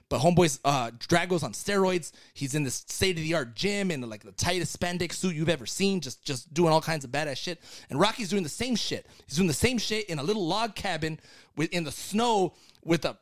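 A young man co-hosting a podcast, talking excitedly and rambling, with lots of restarts and swearing. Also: high-pitched, no echo. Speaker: podcast co-host. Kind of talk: casual podcast segment.

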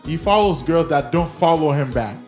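A host in casual chat, reading out rating prompts, animated and laughing. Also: medium pitch, moderate pace, soft background music. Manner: animated, hyped, laughs loudly.

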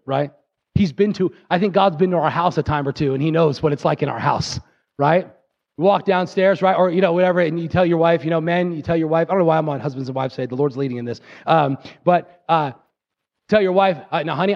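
A man preaching a sermon, talking straight to his listeners with frequent "right?" checks, climbing higher and more intense in places, then dropping low and quiet to press a point. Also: highs cut off. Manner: rises in pitch and builds intensity, drops low and quiet for emphasis. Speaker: pastor.

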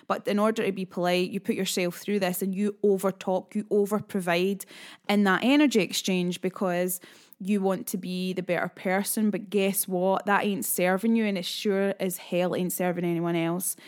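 A woman's voice: medium pitch, steady tone, normal speed, darkish tone. A Scottish woman hosting a self-help podcast as a coach, talking in a frank, chatty way with sassy asides. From Scotland.

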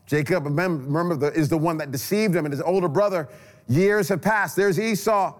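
A male pastor delivering a sermon with a fairly high voice. He tells the story dramatically and swings between loud, intense passages and quiet, hushed ones.

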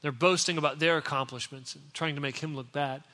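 A pastor giving a sermon, telling the story in a conversational way and acting out what people said. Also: male voice, a little high, steady tone, a little fast, pushed and bright. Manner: storytelling, conversational, acts out quotes. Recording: echoey hall.

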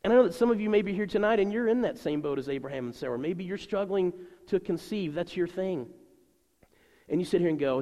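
A middle-aged male pastor preaching a sermon to his congregation in a conversational, animated way. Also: high-pitched, fast talker, highs cut off. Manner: conversational and animated, voicing people in his stories. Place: church sanctuary. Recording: long reverb of a large church hall.

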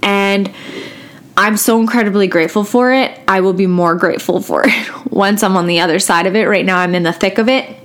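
A woman hosting her own podcast, talking casually and emotionally, halting and restarting as she holds back tears. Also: mid-range voice, a bit bright. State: close to tears. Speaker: podcast host. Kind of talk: casual solo podcast talk.

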